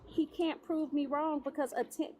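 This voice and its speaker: A woman's voice: high-pitched, fairly even intonation, normal speed, a little mellow, slight background noise. A woman hosting a livestream debate, cutting callers off and talking down to them. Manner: condescending, cuts callers off. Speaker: livestream host.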